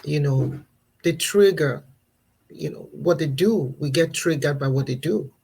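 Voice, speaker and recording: Her voice is low, gravelly and a little mellow, with a breathy edge, at a measured pace on a rough recording. She's a mother in her thirties vlogging about parenting, offering earnest reflections in a casual live video and laughing between points at times.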